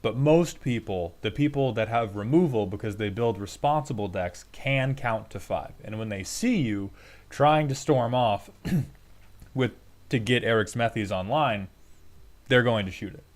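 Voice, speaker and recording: A man's voice: mid-range voice, a little slow. A man hosting a casual livestream, sarcastic and profane, answering chat and mock-scolding viewers. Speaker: streamer host roasting viewer decks.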